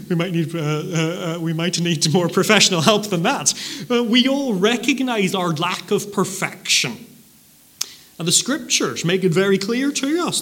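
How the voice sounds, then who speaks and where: A man preaching a sermon, explaining a passage in a measured teaching manner, with occasional fillers and stressed repetitions. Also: fairly high pitch, a bit bright.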